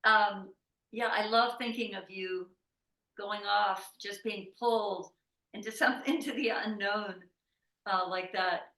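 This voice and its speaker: A woman's voice: medium pitch, takes it slowly, bright, forceful tone, distant mic. Woman host in a roomy, echoing space. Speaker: satsang host. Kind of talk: introducing stories and reading an interview account aloud. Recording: roomy echo, voice away from the mic.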